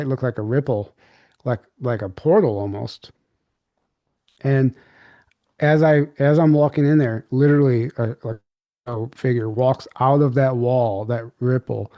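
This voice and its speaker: A man speaking as an interview guest, winding through a story with lots of fillers and false starts. His voice is mellow and dark in tone. The sound is dry and close, with no room around it. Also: medium pitch, dry recording. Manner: rambling, filler-heavy recounting with many restarts. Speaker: podcast guest. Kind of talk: candid storytelling.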